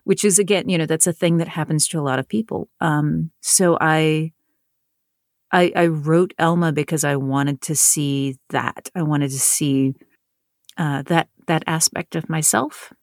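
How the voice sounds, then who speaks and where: Thoughtful woman from North Carolina, lowish voice. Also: steady tone, unhurried, dry recording, studio quality. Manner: thoughtful, with frequent restarts and repeated words. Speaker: author and audiobook narrator. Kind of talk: conversational interview.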